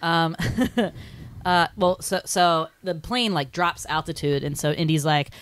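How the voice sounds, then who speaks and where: Low-voiced young woman, chatty and animated. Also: a little slow, a little hiss or hum. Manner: animated, laughing, heavy use of "like". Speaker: podcast co-host. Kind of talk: casual chat.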